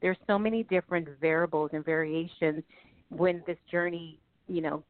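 A woman's voice: on the low side, fairly even intonation, normal speed, dry recording. A woman giving heartfelt, candid personal testimony as an interview guest. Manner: candid, heartfelt, speaks directly to listeners. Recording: dry, tinny phone-like sound.

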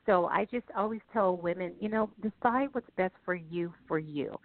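Speaking as an interview guest, this woman offers candid, heartfelt testimony about her own life and talks straight to the audience. Her voice sits in the middle range and moves at a moderate pace. The sound is thin and phone-like, dry with no echo.

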